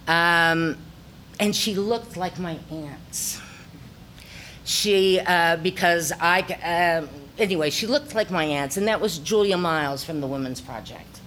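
A woman's voice: on the low side, a little slow, fairly bright tone, a little hiss or hum. A middle-aged woman with an Ozark accent, a theater director telling a personal story to an audience, reflective and full of ums.

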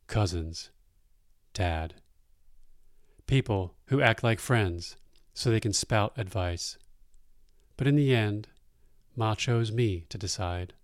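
A man reading a first-person story aloud in a plain-spoken, unhurried way. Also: sits low, dry recording, studio quality.

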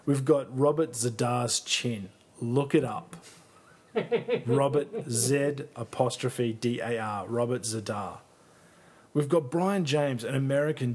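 A man's voice: mid-range voice, unhurried, a little mellow, husky. A man co-hosting a podcast, gushing about a film in enthusiastic, profane, playful casual chat. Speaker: podcast co-host.

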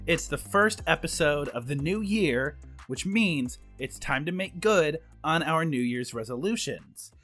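Podcast guy, eager and playful, bit high voice, jokey banter. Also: expressive, unhurried, hardly any pauses, fairly bright tone, soft background music. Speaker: podcast co-host.

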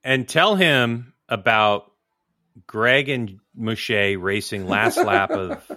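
A man's voice: fairly low pitch, slow pace, bright, forceful tone, no echo, studio quality. A man from Massachusetts hosting a podcast, joking and teasing his co-host in casual banter. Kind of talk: casual chat.

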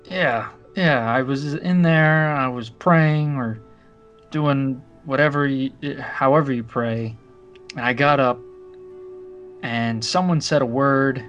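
Slow, halting man on a lo-fi line. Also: medium pitch, fairly bright tone, soft background music. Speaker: player. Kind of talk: in-character tabletop role-play.

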